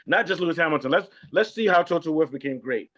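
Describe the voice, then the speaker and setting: Animated man on a lo-fi mic. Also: a little high, fast. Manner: animated, repeats words when thinking. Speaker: co-host. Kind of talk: casual podcast chat. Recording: lo-fi dull sound.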